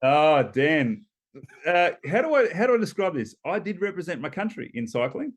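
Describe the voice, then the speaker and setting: A man's voice: fairly high pitch, big pitch swings, moderate pace. Chatty Australian man telling stories. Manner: chatty storyteller, laughs between points, many ums and restarts. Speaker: guest, former Olympic rower. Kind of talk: casual storytelling interview.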